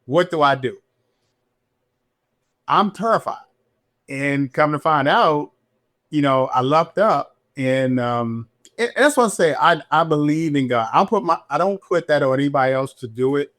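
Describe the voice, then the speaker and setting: A middle-aged man speaks as a podcast guest in a slightly high register. He tells his police story candidly and animatedly. He jumps higher still whenever he acts out what someone said. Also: expressive, moderate pace, a bit bright.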